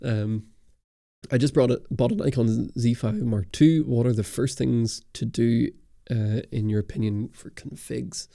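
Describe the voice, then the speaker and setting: Rambling man with a gravelly voice. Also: medium pitch, fairly even intonation, unhurried, warm tone, dry recording, studio quality. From Ireland and Britain. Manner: casual, rambling, many ums and restarts. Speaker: camera channel host. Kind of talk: livestream Q&A, reading chat. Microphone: studio dynamic mic.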